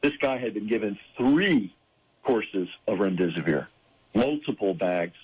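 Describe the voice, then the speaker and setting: Husky, low-voiced man, halting and earnest. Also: lively intonation, dull audio. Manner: earnest, halting with frequent fillers and restarts. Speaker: interview guest. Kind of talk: conversational interview.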